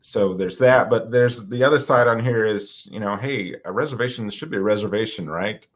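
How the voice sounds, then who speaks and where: A man's voice: fairly low pitch, normal speed. A man co-hosting a business podcast, giving background in a conversational way and putting questions to his co-hosts. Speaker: podcast co-host. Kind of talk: casual podcast discussion.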